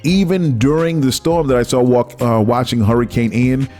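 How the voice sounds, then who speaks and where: A man's voice: medium pitch, steady tone, moderate pace, darkish tone, faint music behind. A man hosting a solo commentary show, talking in a heated, ranting way full of rhetorical questions. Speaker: podcast host.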